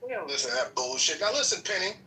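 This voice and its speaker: A man co-hosting a loose talk show, bright and a little high in tone. He talks animatedly with stammering restarts. His voice sits a bit back from the mic. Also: sing-song, fast talker, distant mic, slight background noise, low-quality recording. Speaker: co-host. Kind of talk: casual chat.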